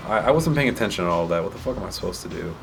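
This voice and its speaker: Male co-host, blunt and profane, casual gaming chat with a lowish voice. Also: lively intonation, very fast, vocal fry, music in the background. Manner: blunt, swears a lot. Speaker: co-host playing the game.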